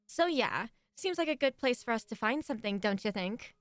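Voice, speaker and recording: A woman's voice: a little high, animated, moderate pace, dry recording, soft background music, natural voice. A woman voicing a bossy teenage girl class rep with an occult streak, reading game dialogue aloud in a put-on Valley Girl voice. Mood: earnest.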